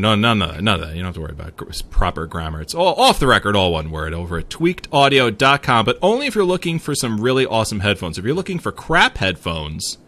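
A man's voice: sits low, a bit bright. Joking New York man reading sponsors. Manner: joking, rambling, laughs often. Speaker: podcast host. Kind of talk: casual podcast chat with sponsor reads.

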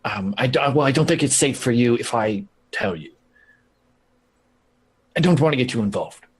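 A man voicing a nervous, overly polite townsman who talks in halting, hesitant bursts full of ums. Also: medium pitch, animated, slightly rough, low-quality recording.

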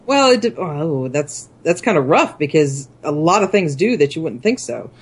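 A woman joining a casual gaming podcast, giggly and quick to chime in. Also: deep voice, very animated, breathy edge.

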